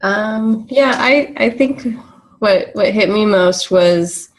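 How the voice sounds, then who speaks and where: A woman on a spiritual webinar, talking in a soft, thoughtful and slightly hesitant way. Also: medium pitch, takes it slowly, rough recording. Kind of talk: casual spiritual discussion.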